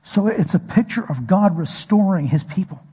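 A man's voice: high-pitched, animated, normal speed, mellow, breathy edge. A man preaching a sermon as pastor, telling a story and asking the congregation questions. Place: church hall. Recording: echoey hall recording.

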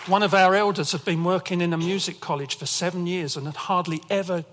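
A man's voice: sits high, steady tone, brisk, long reverb tail, background noise. A man preaching a sermon as pastor, telling personal stories as testimony. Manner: storytelling, emotional testimony.

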